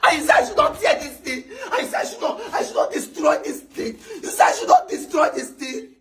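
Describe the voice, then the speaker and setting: An actor with a Nigerian accent playing a distraught husband who wails and repeats himself. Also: male voice, very high-pitched, very animated, fairly quick, gravelly, over a noisy crowd, heavily acted. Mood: lamenting. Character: distraught husband crying over his wife. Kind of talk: comedy skit acting.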